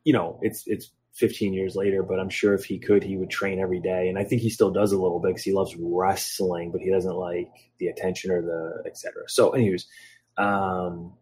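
A man's voice: deep voice, flat delivery, brisk, darkish tone, husky. A man in his thirties from Philadelphia, a guest on a podcast, telling rambling stories full of ums and acting out quotes as he goes. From Philadelphia, USA. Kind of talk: casual storytelling interview.

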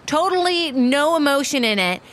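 A woman running a tabletop game as game master, narrating in a playful, quick manner. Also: sits high, animated, a bit bright, a little hiss or hum. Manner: playful, quick, laughing often.

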